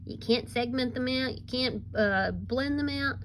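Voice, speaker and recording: A woman's voice: high-pitched, a little slow, slight background noise. A woman teaching a recorded reading lesson to young children, upbeat and encouraging with a sing-song teacher voice. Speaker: kindergarten teacher.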